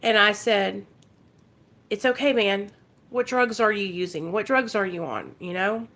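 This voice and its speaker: A recovery vlogger from Arkansas shares an emotional story, looking straight at her audience as she speaks. She has a mid-range, slightly bright voice and an unhurried pace.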